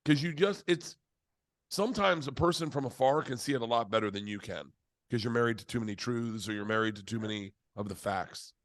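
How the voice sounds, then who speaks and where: A middle-aged man telling stories in a casual interview, animated and profane, acting out the voices of people he quotes. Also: medium pitch, brisk, dry recording. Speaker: comedian being interviewed.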